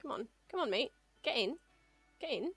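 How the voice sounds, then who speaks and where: A woman's voice: high-pitched, sing-song, normal speed, a bit bright, slightly rough, no echo, faint music behind. A woman streaming a game casually, playfully chatting to the creatures on screen. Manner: playful, chatty, talks to game mobs affectionately.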